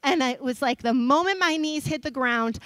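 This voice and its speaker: A young adult woman, a kids' pastor, telling stories in a lively sermon. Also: high voice, moderate pace, dry recording, rough recording. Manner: animated storytelling, laughs often. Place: church stage.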